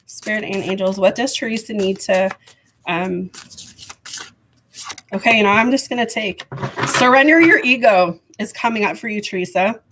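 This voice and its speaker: A woman giving a live tarot reading to viewers, rambling and hesitant with many fillers, her voice going hoarse with frequent throat clearing. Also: mid-range voice, moderate pace, pauses often, fairly bright tone, slight background noise. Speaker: tarot reader.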